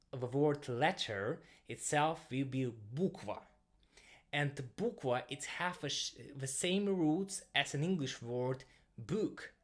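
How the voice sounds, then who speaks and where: A man with a Russian accent teaching the alphabet in English, in halting phrasing, pausing to sound out letters again and again. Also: medium pitch. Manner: non-native English, halting phrasing, repeats sounds aloud. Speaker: language teacher. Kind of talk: explaining at a whiteboard.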